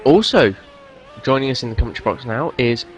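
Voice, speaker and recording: A man commentating a sim race live, polite and steady. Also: mid-range voice, brisk, dull audio, background noise. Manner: polite, steady, mildly apologetic.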